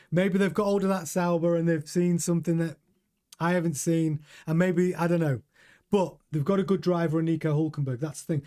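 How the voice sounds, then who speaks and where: A man's voice: sits high, a little mellow. Chatty opinionated male live-stream host. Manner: chatty, opinionated, reads chat aloud. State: drinking coffee. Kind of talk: casual live-stream commentary.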